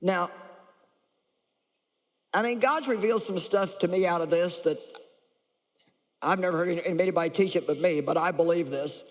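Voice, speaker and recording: A woman preaching a lively sermon, blunt and humorous, chuckling as she teaches. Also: on the low side, normal speed, pauses often. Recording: echoey large hall.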